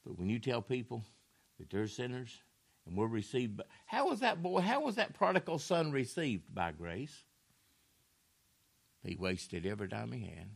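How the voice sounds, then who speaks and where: A man preaching a sermon in a folksy way, repeating phrases and swinging from low murmurs to loud raised lines. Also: huge pitch swings, moderate pace, gravelly.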